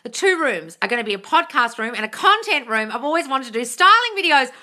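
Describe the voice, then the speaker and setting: A woman hosting a live manifesting Q&A stream, reading viewer comments aloud in casual chat. She swears freely, calls her viewers darling and breaks into gushing bursts of excitement. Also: sits high, fast.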